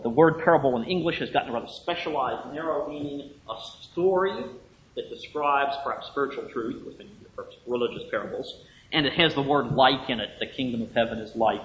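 Male lecturer, middle pitch, thinks aloud with restarts, faint low hum on the recording. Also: poor audio. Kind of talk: academic lecture.

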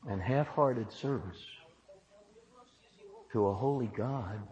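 In a large church hall, a man with a mid-range voice preaches slowly and dramatically, firing off rhetorical questions with big swings in loudness. The recording sounds dull and echoey.

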